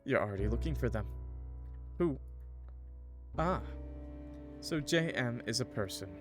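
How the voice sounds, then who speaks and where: A man streaming a visual novel, reading its narration and reacting excitably in casual commentary, swearing and laughing loudly. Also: mid-range voice, measured pace, music in the background.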